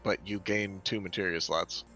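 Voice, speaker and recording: A man's voice: low-pitched, steady tone, moderate pace, sharp tone, faint music behind. A man in a game group explaining things offhandedly with examples over voice chat. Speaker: player in a raid group. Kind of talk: casual voice chat while gaming.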